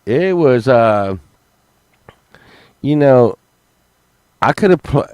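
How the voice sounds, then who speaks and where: A man telling rambling comic stories in a halting way, full of fillers and restarts. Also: medium pitch, expressive, a little mellow, smooth, no room sound. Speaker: comedy podcast host.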